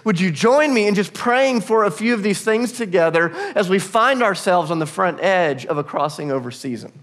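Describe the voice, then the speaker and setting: A man's voice: high voice, expressive, moderate pace, fairly bright tone. A middle-aged man preaching a sermon to his church, earnest and conversational, laughing now and then. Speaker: pastor.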